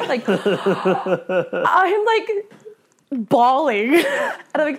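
A woman telling a story as a guest in a conversation, animated, laughing often and acting out her own reactions. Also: a little high, a little slow. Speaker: guest hunter.

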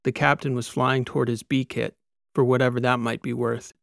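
A man narrating a science fiction audiobook in a steady, storytelling manner. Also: mid-range voice, brisk, vocal fry, dry recording, clean studio sound. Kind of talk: scripted narration.

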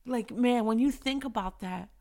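A woman's voice: fairly high pitch, warm tone. Preachy, encouraging woman giving a faith talk. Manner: preachy and encouraging, slows down to stress phrases, talks straight to her listeners. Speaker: Christian devotional speaker. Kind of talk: casual faith talk to women.

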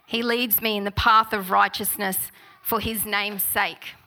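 A middle-aged woman preaching a sermon, telling personal stories and reading scripture slowly. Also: mid-range voice, flat delivery. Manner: warm, personal storytelling with gentle laughs; slow, unhurried reading of scripture.

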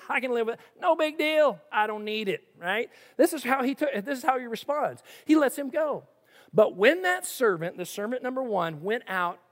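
An animated preacher delivers a sermon, reading scripture and stepping into the voices of the people in it. The pitch swings widely from line to line, and rhetorical questions keep the congregation involved. A long reverb trails behind every phrase, as in a big hall.

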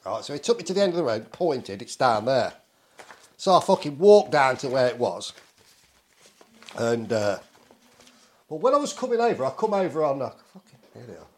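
A man's voice: mid-range voice, very animated, normal speed, pauses often. A middle-aged man from England telling a story in casual chat, swearing a lot and acting out the people in it. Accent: English. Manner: swears constantly, acts out the people in his story. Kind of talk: casual anecdote.

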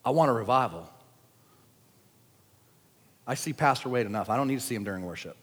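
A man preaching a sermon at a church service, talking in casual slang and swinging between shouting and quiet asides. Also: mid-range voice, lively intonation, fairly quick, husky. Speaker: pastor. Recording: long church hall reverb.

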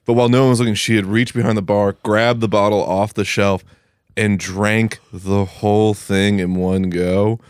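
Young male podcast guest, somewhat low voice, crude and joking, laughs often. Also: flat delivery, normal speed, smooth, no room sound, clean studio sound. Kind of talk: casual podcast chat.

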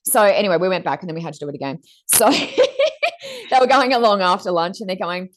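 A middle-aged woman co-hosting a podcast, telling stories in a chatty, animated way and acting out other people's lines. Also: medium pitch, a little fast. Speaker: podcast co-host. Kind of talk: casual storytelling chat.

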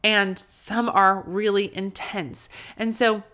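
A woman's voice: mid-range voice, steady tone, takes it slowly, bright, forceful tone. A woman in her thirties hosting a faith podcast, chatting casually with many fillers and restarts. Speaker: podcast host.

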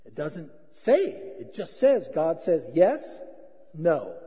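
A man's voice: a little high, sing-song, takes it slowly, dark tone, breathy edge, big-room sound. A man preaching a sermon as pastor, telling stories in a conversational, self-deprecating way. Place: church hall.

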